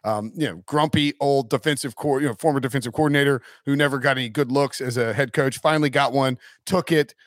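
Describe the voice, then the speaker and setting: A male podcast host in casual chat, rambling and full of fillers. His voice is mid-pitched, and the sound is dry and close. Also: fast talker, hardly any pauses, no echo.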